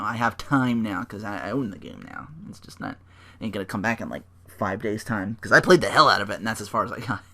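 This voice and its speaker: A man's voice: on the low side, pushed and bright. A young man hosting a solo podcast, rambling casually with lots of fillers and swearing. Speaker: podcast host.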